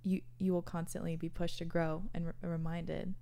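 A woman hosts a casual podcast conversation with a gravelly, fry-laden voice pitched somewhat low. She talks earnestly, swears casually and laughs now and then. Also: level tone, moderate pace, mellow. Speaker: podcast host.

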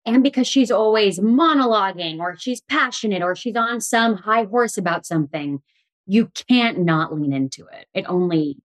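A woman's voice: medium pitch, normal speed. A woman in her thirties from California with a Californian accent, chatting as a guest and laughing often. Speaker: actress guest. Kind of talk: casual interview chat.

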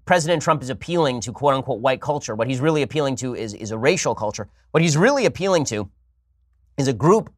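Male political host, rapid-fire argumentative monologue, slightly high voice, dry close sound. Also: no echo. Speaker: political talk show host.

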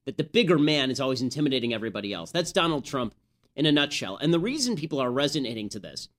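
A man hosts a political commentary podcast. He talks in a brisk, opinionated way, with a wry edge, at a middle pitch. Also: big pitch swings, a bit bright. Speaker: host.

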